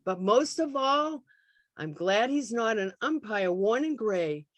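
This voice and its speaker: A woman voicing a proud, tearful old-fashioned mother in a slow, dramatic poem reading over a video call. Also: on the high side, lively intonation, dry recording. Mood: indignant, tearful. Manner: slow, declaiming.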